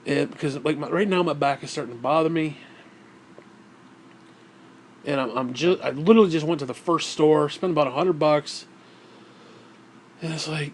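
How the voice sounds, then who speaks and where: A man's voice: a little high, moderate pace, pauses often, slight background noise. A man vlogging, telling a story in a casual, rambling way, swearing often and sounding exasperated.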